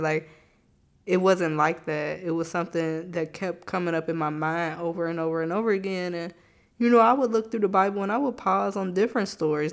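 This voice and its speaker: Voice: mid-range voice, gravelly. A podcast host with a sick voice and a cough, talking in a loose, conversational way about faith and dreams. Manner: loose and conversational, heavy use of "like". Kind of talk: casual spiritual reflection.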